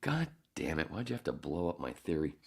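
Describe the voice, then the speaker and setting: A man's voice: extremely low pitch, brisk, gravelly, breathy edge. A man hosting a podcast, telling a rambling, profane story in casual chat. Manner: profane, rambling, animated when acting out the story. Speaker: podcast host.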